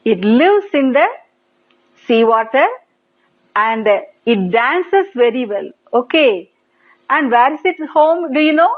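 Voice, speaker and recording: A woman's voice: high-pitched, expressive. A woman with an Indian English accent teaching young children English on TV, prompting them to repeat words and praising them often. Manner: slow, sing-song prompting with repeated praise. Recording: tinny phone-like broadcast audio.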